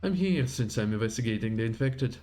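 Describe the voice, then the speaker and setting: A man voicing a stern, grim woman investigator who speaks low, slow and menacing, read aloud from a game story on a livestream. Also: expressive, warm tone, soft background music, natural voice.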